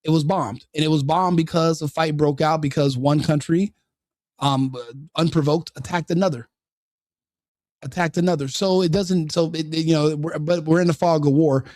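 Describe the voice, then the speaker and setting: A man's voice: fairly high pitch, steady tone, moderate pace, a little mellow, no room sound, clean studio sound. A man hosting a live stream, giving opinionated commentary full of rhetorical questions and repeated restarts. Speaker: streamer host.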